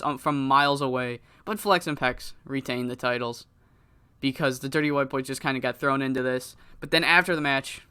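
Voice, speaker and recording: A man telling the story of a wrestling game playthrough in an animated, profane style, laughing often. His voice is bright and clear. He is crisp and easy to follow. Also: mid-range voice. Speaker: gamer narrating a wrestling sim. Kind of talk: casual, profane let's-play commentary.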